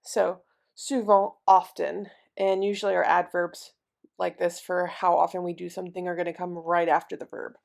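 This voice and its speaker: A woman's voice: fairly low pitch, little pitch movement, gravelly. A young adult woman teaching a French vocabulary lesson, repeating each word patiently and giving the English after it. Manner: slow, patient drilling with repeated words. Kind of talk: vocabulary lesson, repeating words then translating.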